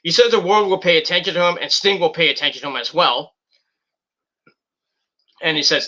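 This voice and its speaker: Bright-voiced man rambling through a show recap. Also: fairly high pitch, a little fast, pauses often. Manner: rambling, many fillers, paraphrases wrestlers mockingly. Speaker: wrestling show reviewer. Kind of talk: casual recap and review.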